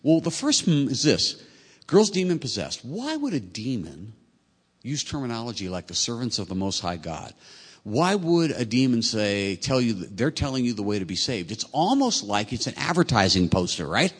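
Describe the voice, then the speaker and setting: A man's voice: medium pitch, big pitch swings, moderate pace, husky. A man preaching a sermon as a pastor in a conversational way, often asking his listeners rhetorical questions. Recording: echoey hall.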